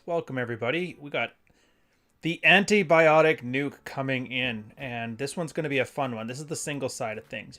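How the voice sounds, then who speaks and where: This podcast host hosts a casual solo show, talking loosely and rambling, correcting himself, and reading passages aloud. His voice sits in the mid range with a slightly bright quality.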